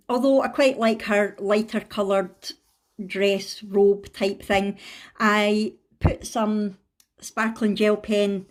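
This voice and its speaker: Chatty Scottish woman, giggly vlogger. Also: mid-range voice. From Scotland. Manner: chatty and giggly, talks herself through her choices. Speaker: craft channel host. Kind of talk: casual show-and-tell vlog.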